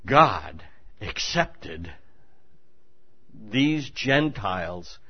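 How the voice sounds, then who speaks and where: A man preaching with a very lively, rising and falling voice that swings from hushed to loud and emphatic. The sound is dull and lo-fi. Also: lowish voice, drawn-out words, husky. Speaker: pastor. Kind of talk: sermon.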